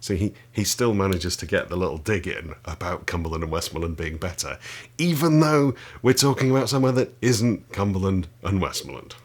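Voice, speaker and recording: A man's voice: low voice, animated, a little fast. Dry-humoured man reading aloud. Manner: dry, wry asides between read passages. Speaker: channel host reading from a historical book.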